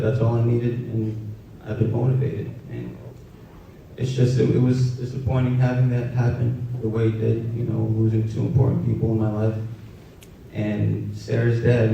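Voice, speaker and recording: Soft-spoken young man, gravelly and far off. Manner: halting, soft-spoken, many fillers. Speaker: storyteller. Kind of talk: personal storytelling. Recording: roomy, distant, dull with faint rumble.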